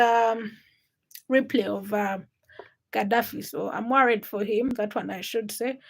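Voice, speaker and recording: A woman from Uganda hosts a casual livestream from her home, chatting easily and greeting viewers one by one. Her voice sits high and sounds bright. She reads out comments and answers them as they come in. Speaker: livestream host.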